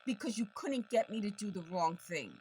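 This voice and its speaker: A woman's voice: mid-range voice, expressive, moderate pace, noisy background. Woman talking insistently, voice strained. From United States. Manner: insistent, repeats points, self-corrections. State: voice strained from talking over noise. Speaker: video blogger. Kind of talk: casual monologue to camera.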